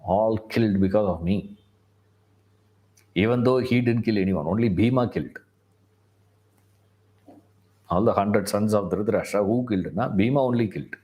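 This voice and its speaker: A man's voice: fairly low pitch, fairly quick, dark tone. A man, a spiritual teacher telling a story conversationally, often checking in with listeners. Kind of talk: storytelling talk.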